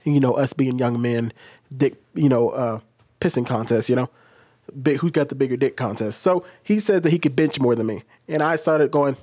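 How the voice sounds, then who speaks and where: A man's voice: mid-range voice, fairly quick, a little mellow, no room sound. A man giving casual, reflective commentary on a video. He sometimes acts out quoted comebacks in a raised voice.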